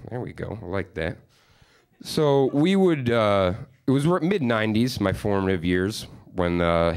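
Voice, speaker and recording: A man's voice: low voice, smooth. A man in his thirties from upstate New York, telling rambling, profane, self-deprecating stories in a stand-up comedy set.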